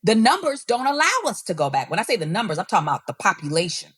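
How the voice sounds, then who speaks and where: A woman's voice: mid-range voice, very animated, quick pace, a bit bright, husky, no room sound, studio quality. A woman who leads an education nonprofit, speaking passionately and emphatically as a guest in an interview. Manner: passionate, emphatic, with repeated restarts. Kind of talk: conversational interview.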